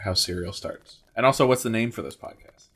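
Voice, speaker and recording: A man's voice: on the low side, fairly bright tone, slightly rough. A man co-hosting a podcast brainstorm, joking and dropping trivia. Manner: jokey, quick with references. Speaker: podcast co-host. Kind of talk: casual brainstorming chat.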